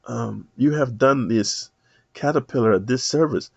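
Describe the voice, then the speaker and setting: A man playing a calm, wise old man who explains slowly and patiently. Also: medium pitch, gravelly, no echo. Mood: lecturing. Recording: dull lo-fi dry sound.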